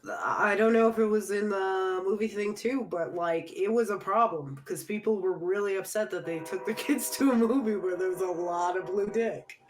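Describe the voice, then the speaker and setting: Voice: mid-range voice, moderate pace, hardly any pauses. A podcast co-host chatting casually, with laid-back, laughing asides. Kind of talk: casual comedic chat.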